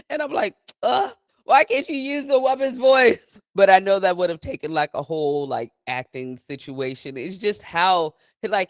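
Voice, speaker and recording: A woman live streamer chatting casually with her viewers, laughing often and talking in an animated way. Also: sits low, no room sound, dull audio.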